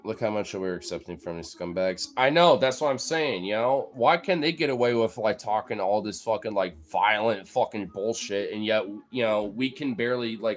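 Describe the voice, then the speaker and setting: A man giving a heated, profane, rambling political rant in casual chat, talking straight to his viewers as a streamer. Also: fairly low pitch.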